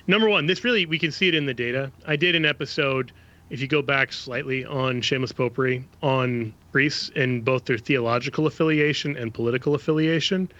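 A man from Kansas City, a radio guest, explaining in a quick, chatty way and laughing easily. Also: medium pitch, pushed and bright, highs cut off. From Kansas City, USA. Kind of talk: casual radio talk, explaining.

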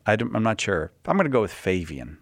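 A man's voice: fairly low pitch, sing-song, very fast, creaky, no room sound, clean studio sound. A man hosting a call-in radio show, joking and hesitant with many fillers. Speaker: radio host.

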